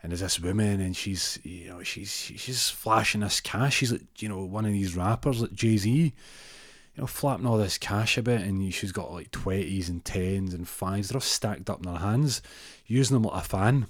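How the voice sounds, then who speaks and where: A man's voice: on the low side, normal speed, no room sound, clean studio sound. A man improvising a comic story, rambling and repeating words with many fillers.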